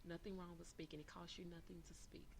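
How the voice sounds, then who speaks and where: Podcast host, woman, gravelly voice, preachy chat over loud noise. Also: on the low side, level tone, quick pace. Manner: preachy, conversational, acts out little quoted greetings. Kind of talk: casual motivational talk.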